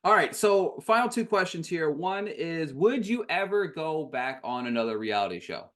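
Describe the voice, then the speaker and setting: Excitable podcast host with a lively voice. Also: mid-range voice, normal speed. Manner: excitable, gushing, lots of "like" and "you know". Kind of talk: casual interview.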